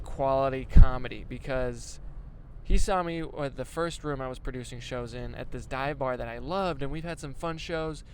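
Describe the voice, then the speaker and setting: There's slight background noise around this man's medium-pitched voice. A young stand-up comic, he chats casually while driving a van for a vlog, rambling, swearing and making fun of himself.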